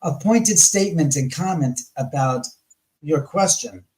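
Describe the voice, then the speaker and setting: A man as an interview guest, telling stories in a rambling, animated way and often correcting himself mid-sentence. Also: on the high side, a little slow, rough recording. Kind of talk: casual storytelling interview.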